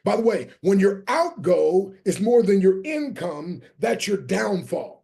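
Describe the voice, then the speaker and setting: A man gives a motivational business talk in a high, raised voice, delivered like a sermon. His tone has a gravelly edge of fry. He drives his points home and rallies his listeners to answer him. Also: very animated, unhurried, mellow. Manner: preacher-like, emphatic, rallies listeners; spells out key words letter by letter. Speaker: guest motivational speaker. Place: online training session.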